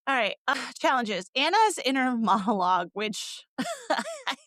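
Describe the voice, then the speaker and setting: A woman co-hosting a casual book-review podcast, sarcastic and animated, swearing freely and laughing often. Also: high voice, unhurried, no room sound. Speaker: podcast co-host.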